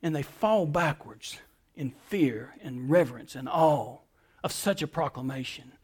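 A middle-aged male pastor with a high voice delivers a sermon. He builds his points through emphatic repeated phrases. He rises to forceful appeals, then drops to quiet, hushed words. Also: expressive, measured pace, slightly rough.

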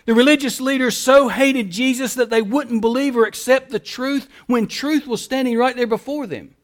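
A man's voice: extremely high pitch, moderate pace. A man pastor preaching a sermon, building emphatic lists and rhetorical questions.

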